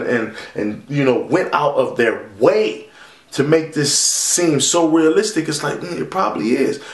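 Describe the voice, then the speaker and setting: A man with a somewhat high voice rants to camera, rambling and swearing in an animated way. His voice rings around a bare, echoey room. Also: creaky. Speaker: vlogger. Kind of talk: profane rant to camera.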